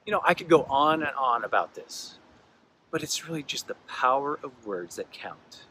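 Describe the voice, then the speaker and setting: A man's voice: mid-range voice, expressive, moderate pace, pushed and bright, a little hiss or hum. A man preaching a casual sermon, reading scripture aloud and stumbling over restarts and fillers. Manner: conversational, with filler words and restarts. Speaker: pastor.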